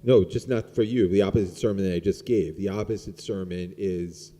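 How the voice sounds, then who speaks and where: A man's voice: low voice, fairly even intonation, fairly quick, mellow. A middle-aged man, a rabbi, giving an informal sermon in a rambling, conversational way full of fillers. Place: synagogue sanctuary. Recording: long hall reverb.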